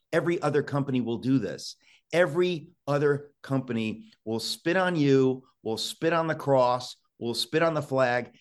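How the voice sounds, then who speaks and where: Urgent talk show host, man. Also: mid-range voice. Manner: urgent, exhorting, frequent stammered restarts.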